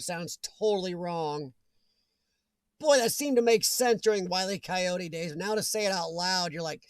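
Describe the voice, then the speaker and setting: A middle-aged man hosts a casual live chat stream, reading viewer comments with jokey asides and frequent laughter. His voice sits high with a fairly bright tone, and there's no echo.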